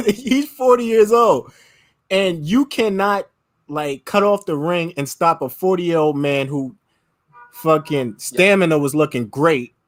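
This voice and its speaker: A man who has called into a live stream, chatting in a relaxed, slangy way and laughing easily. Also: fairly high pitch, slow pace, soft background music. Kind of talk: casual live-stream chat.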